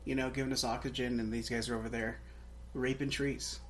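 A man's voice: medium pitch, level tone, fairly quick, slight background noise. A man co-hosting a casual film podcast, rambling through crude jokes. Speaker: podcast co-host. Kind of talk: casual comedic film chat.

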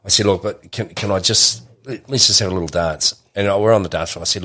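A man's voice: sits low, fast talker, pushed and bright. Rambling New man telling a story. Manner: rambling, restarts often, acts out quotes. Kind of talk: casual storytelling.

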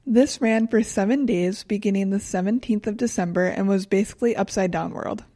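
Calm, mellow-voiced young woman. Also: medium pitch, brisk, no echo. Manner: calm, matter-of-fact, dry humor. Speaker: podcast co-host presenting research. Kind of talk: casual chat, reading facts.

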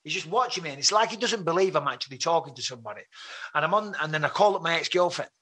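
A man's voice: on the high side, racing. A man with an English accent, a podcast guest telling a long story in casual chat and acting out his own remarks in a raised voice. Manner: animated, acts out his own quotes with rising voice.

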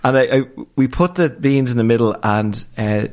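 A Dublin Irish man, a stand-up comedian guesting on a podcast. He tells childhood stories in an animated way and keeps breaking into laughter. His voice sits at an ordinary pitch for a man. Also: normal speed, lo-fi sound. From Dublin, Ireland. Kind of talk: casual storytelling in a podcast interview.

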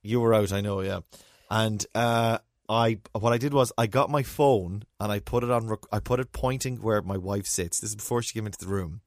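A man's voice: lowish voice, fairly even intonation, normal speed, hardly any pauses, no room sound, studio quality. A middle-aged man co-hosting a casual chat, wry and chatty, trailing off into fillers. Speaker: podcast co-host.

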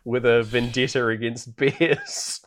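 A man co-hosting a podcast, recapping a film in a relaxed, rambling way with plenty of fillers. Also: medium pitch, slow pace, a little hiss or hum. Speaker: podcast co-host. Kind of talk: casual film recap chat. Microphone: podcast microphone.

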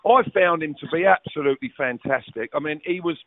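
Middle-aged man, chatty guest storyteller, a touch higher pitched, phone-quality audio. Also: brisk, background noise. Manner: rambling anecdotes with swearing and restarts. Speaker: guest, former footballer. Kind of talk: casual storytelling chat. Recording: tinny phone-like audio, dry.

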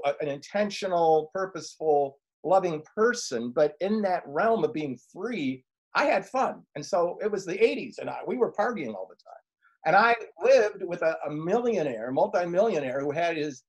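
Husky man telling a lively story. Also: on the high side. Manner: animated storyteller acting out quoted voices. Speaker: life coach. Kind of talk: storytelling in an interview.

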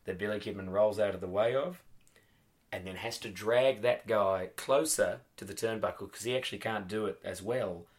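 A man in his thirties with a broad Western Australian accent, chatting casually on a podcast, animated and swearing freely as he acts out crowd reactions. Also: lowish voice, moderate pace. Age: 30s. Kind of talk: casual chat.

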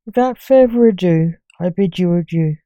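A woman reading a story aloud in a slow, measured way. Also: lowish voice, dark tone, no room sound. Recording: muffled dry recording.

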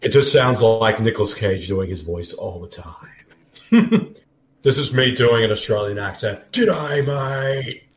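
A man's voice: on the low side, animated, slight background noise. A man co-hosting a casual movie commentary, joking and laughing often. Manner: jokey, laughing, quick asides. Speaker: podcast co-host. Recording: roomy echo.

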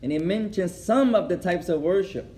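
A man gives a lesson in a mellow, fairly high voice. He moves back and forth between English and Arabic, repeating key phrases for emphasis and laughing at his own anecdotes. His delivery is that of a teacher addressing a class. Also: moderate pace. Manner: switches between English and Arabic, translating as he goes. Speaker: Islamic teacher.

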